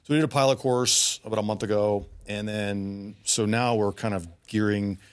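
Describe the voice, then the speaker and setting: A man talking as a podcast guest, telling stories in an animated, laid-back way and swearing freely. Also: lowish voice, moderate pace, clean tone. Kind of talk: casual storytelling.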